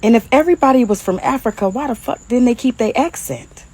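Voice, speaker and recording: A woman's voice: on the high side, animated, fast, a little mellow, breathy edge, rough recording. Woman, Detroit accent, blunt, mocking, casual rant. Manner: blunt, mocking, laughs often. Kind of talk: casual monologue.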